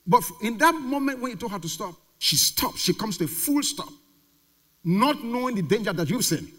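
A pastor preaching a sermon with emphatic repetition and rhetorical questions. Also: male voice, high voice, very animated, moderate pace, a bit bright. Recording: reverberant hall.

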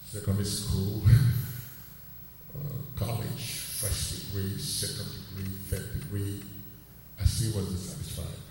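A man, a pastor giving a personal faith testimony, earnest and slowly repeating his key phrases. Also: fairly low pitch, little pitch movement. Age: 60s. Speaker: pastor and counselor. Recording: echoey hall, far from mic, faint noise.

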